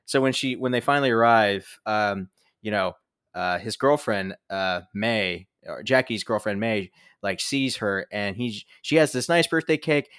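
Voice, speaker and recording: A man co-hosting a casual movie review chat, animated, swearing freely and filling gaps with "like" and "um". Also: fairly low pitch, a little slow, smooth, dry recording, studio quality. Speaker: podcast co-host.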